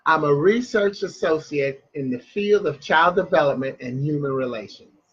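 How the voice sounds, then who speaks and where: A man voicing a cool-headed, proud mother of four who speaks deliberately and stresses her words. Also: on the high side, breathy edge, muffled recording. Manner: calm, deliberate, emphatic.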